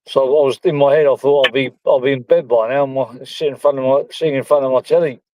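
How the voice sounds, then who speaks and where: A man's voice: medium pitch, steady tone, quick pace, a little mellow, dry recording, low-quality recording. A man from London rambles through casual stories in a group chat, cursing now and then. His voice sits in a middling range. The recording is close and dry, with no room sound. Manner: rambling, profane storytelling.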